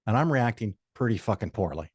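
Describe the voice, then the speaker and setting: A man's voice: lowish voice, lively intonation, fast talker, a little mellow, husky, dry recording, studio quality. An older man, a podcast guest, telling stories in a casual, blunt and profane way and laying out firm rules. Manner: opinionated, lays out firm rules. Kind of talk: casual storytelling in conversation.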